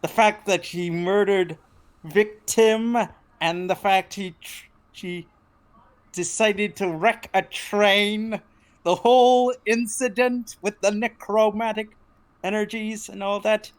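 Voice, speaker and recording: A game master narrating a tabletop role-playing game, slow and halting with frequent restarts. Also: medium pitch, fairly even intonation. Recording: faint background noise.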